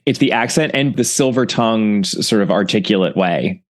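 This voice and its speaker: Measured low-voiced man podcast host. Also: lively intonation. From California. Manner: measured, reads passages aloud, asks thoughtful questions. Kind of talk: podcast interview.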